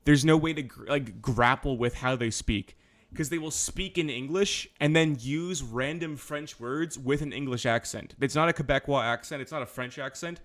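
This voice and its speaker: On a live stream, a man chats casually and rambles, swearing and correcting himself as he goes. His voice is mid-range and a bit bright, moving at a normal speed.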